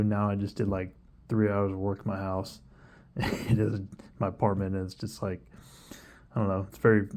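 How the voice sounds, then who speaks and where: A young man with a low, gravelly voice and a mellow, dark tone. He talks through a Bible passage in a loose, rambling way, full of fillers and asides. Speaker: Bible reader sharing reflections. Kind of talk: casual devotional talk.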